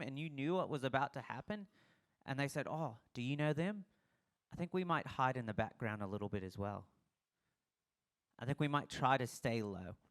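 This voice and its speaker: A young adult pastor with a mid-range, fairly bright voice gives a casual sermon. He keeps it conversational and acts out the lines of the people in the story.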